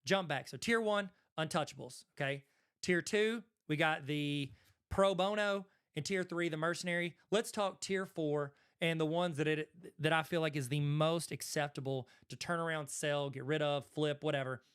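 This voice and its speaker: A man's voice: on the high side, normal speed, fairly bright tone, smooth. A man with a Southern accent and a slightly raised voice, speaking as the host of a casual video. He talks loosely and conversationally, wandering into asides and correcting himself mid-sentence. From Arkansas, USA. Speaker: host, card collector. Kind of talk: casual talking-head commentary.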